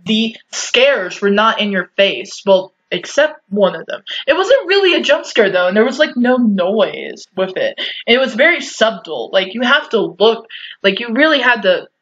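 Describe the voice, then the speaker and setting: Bright-voiced excitable woman gaming. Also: a little high, moderate pace, breathy edge, highs cut off. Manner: excitable, talks back to the game, swears and shrieks at scares. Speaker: gaming YouTuber. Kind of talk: let's play commentary.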